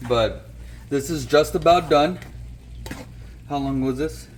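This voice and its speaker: A man's voice: fairly high pitch, slow pace, a little mellow, low-quality recording. Casual guy cooking on camera, keeps saying okay, bit of noise in the background. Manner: chatty, says "okay?" often. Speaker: cooking channel host.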